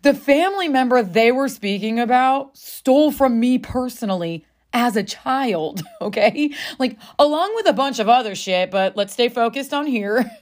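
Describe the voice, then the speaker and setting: A woman's voice: a little high, lively intonation, normal speed, few pauses. A woman speaking as a self-help speaker, telling a personal story in a chatty, confiding way. She swears freely and calls the listener "friend.". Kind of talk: candid personal storytelling to camera.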